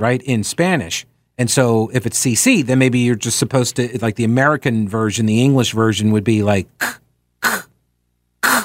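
A man's voice: mid-range voice, no room sound, clean studio sound. A man hosting a talk radio show, delivering an opinion monologue full of sarcastic, jokey asides.

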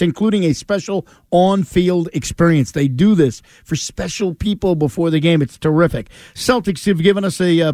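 Upbeat radio co-host guy reading auction stuff, kinda high voice, dead dry studio mic. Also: a little mellow, no room sound. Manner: upbeat, ribbing, reads auction items. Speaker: radio sports talk show co-host. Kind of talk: radio show banter and promo reading.

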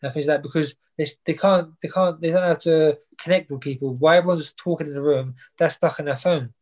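A man's voice: on the high side, fairly even intonation, fast talker, a little mellow, poor audio. A young man, a boxer chatting casually in an interview and rambling with plenty of fillers and repeats. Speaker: boxer guest. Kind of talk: casual chat.

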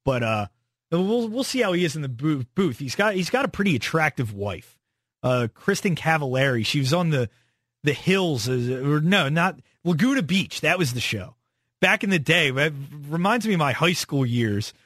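A man's voice: on the high side, big pitch swings, normal speed, fairly bright tone, dry recording, clean studio sound. A young man hosting a sports talk radio show, casual and opinionated, rambling through his takes.

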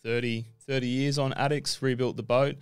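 A man's voice: medium pitch, flat delivery, normal speed, clean tone. An Australian man, a racing driver guest, telling stories in a rambling, casual way with many fillers. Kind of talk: casual podcast interview.

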